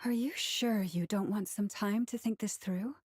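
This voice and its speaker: An actress voicing a loyal, protective female companion in a game, concerned and gently teasing. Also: mid-range voice, normal speed, close to an everyday voice.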